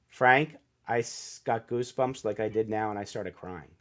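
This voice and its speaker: A man's voice: fairly low pitch, normal speed, few pauses, a bit bright. A middle-aged man, a podcast guest and author, telling a personal story in a casual, earnest and emotional way, acting out the voices of people he quotes.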